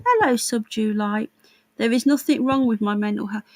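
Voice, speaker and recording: A woman's voice: on the high side, normal speed, darkish tone, poor audio. A woman hosting a live stream, chatting casually with viewers in a blunt, sarcastic and sweary way. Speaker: livestream host.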